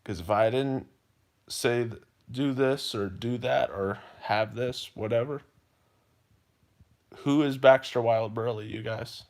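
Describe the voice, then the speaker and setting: A man's voice: mid-range voice, slow pace, long pauses, darkish tone. A man livestreaming to his viewers, talking earnestly and emotionally, repeating himself and often calling them "you guys". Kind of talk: heartfelt livestream monologue.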